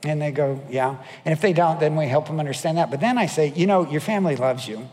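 A man's voice: on the high side, quick pace, a little mellow, big-room sound. A male pastor preaching a sermon, telling stories and acting out the voices of the people in them, often asking the audience questions. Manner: storytelling, acts out quoted voices, asks the audience questions.

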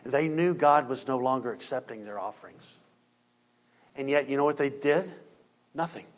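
A man preaching a sermon as pastor. He stresses points with rising force and drops low and quiet to read scripture. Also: normal speed. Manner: preaching with rising emphasis, then dropping quiet for scripture reading.

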